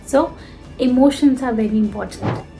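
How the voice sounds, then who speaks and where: Female English coach, fairly high voice, animated teaching delivery, soft music underneath. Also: moderate pace. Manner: lively, emphatic, addresses the viewer directly. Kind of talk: direct-to-camera lesson.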